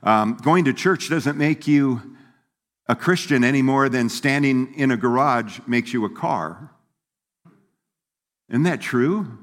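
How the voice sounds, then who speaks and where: Male pastor, mid-pitched, easygoing conversational preaching, long hall reverb. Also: animated, slow, pauses often. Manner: folksy, conversational preaching with laughs and quoted voices. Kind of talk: sermon.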